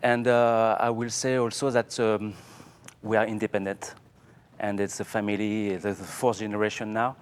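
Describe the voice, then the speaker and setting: A man from Provence with a French accent, speaking haltingly on a panel as a paint company owner. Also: on the low side, little pitch movement, smooth. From south of France, Provence. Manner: halting, many fillers and restarts. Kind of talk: panel talk.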